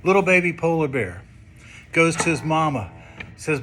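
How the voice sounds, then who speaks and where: A man delivering a recorded tribute, relaxed and unhurried, with a bright, clear tone. He tells a story in a dry manner while a guitar plays softly behind him. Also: on the high side. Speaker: songwriter giving a video tribute.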